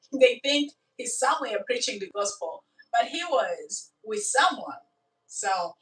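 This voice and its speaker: Animated woman telling a story, echoey. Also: on the high side. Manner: animated, dramatic retelling with asides. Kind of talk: casual spoken storytelling. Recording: echoey room, from far off.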